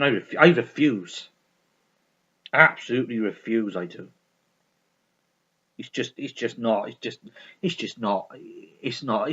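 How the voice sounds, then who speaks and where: A man's voice: medium pitch, slightly rough, dull audio. A man vlogging in a heated, swearing rant full of restarts. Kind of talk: ranting vlog monologue.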